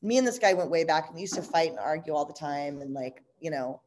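Woman telling a candid story, low-pitched. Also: slight background noise. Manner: blunt, profane, peppered with "like" and "you know"; animated, quick to laugh.

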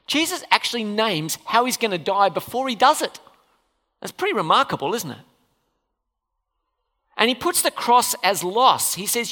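A pastor preaching a sermon in a church hall, animated and full of questions for the congregation. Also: medium pitch, moderate pace. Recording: long reverb of a hall.

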